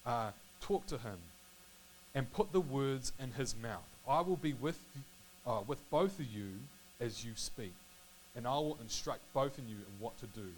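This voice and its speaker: A man's voice: medium pitch, expressive, low-quality recording. A man casually reading and reflecting on Bible passages, stumbling over words and correcting himself as he goes. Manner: halting, self-correcting, apologetic. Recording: faint electrical hum and hiss.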